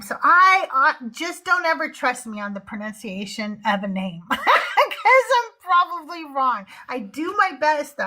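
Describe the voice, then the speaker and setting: Hosting a live call-in stream, a middle-aged woman chats casually and frequently laughs at herself. Her voice is high and sharp.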